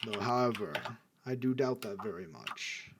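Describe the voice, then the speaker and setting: A man's voice: lowish voice, animated, normal speed, heavy background noise. A man voicing an old male giant who speaks in formal, grave warnings.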